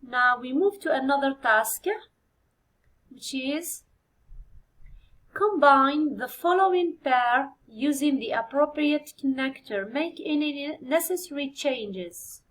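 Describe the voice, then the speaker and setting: High-voiced Algerian teacher woman. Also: expressive, a bit bright, low-quality recording. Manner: spells and counts out answers slowly for students. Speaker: English teacher. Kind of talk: exam review lesson, code-switching with Arabic.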